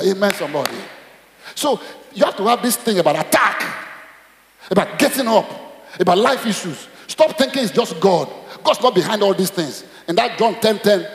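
Nigerian pastor preaching, high lively voice jumping all over, echoey church hall. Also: male voice. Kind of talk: sermon.

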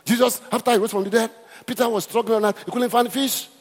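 A man voicing an excited male preacher who fires off questions. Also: very high-pitched, fast talker, husky, big-room sound, pitched above the performer's own voice. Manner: shouted rhetorical questions.

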